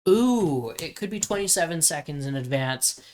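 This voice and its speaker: A man in his twenties co-hosts a podcast, his slightly high voice expressive and moderately paced. He thinks aloud hesitantly during a casual brainstorming chat.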